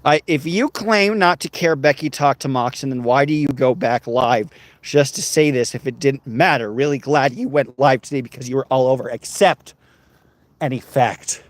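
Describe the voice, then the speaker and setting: A man's voice: mid-range voice, moderate pace, no echo. A man livestreaming while walking outdoors, reading viewer comments aloud and bantering with his chat.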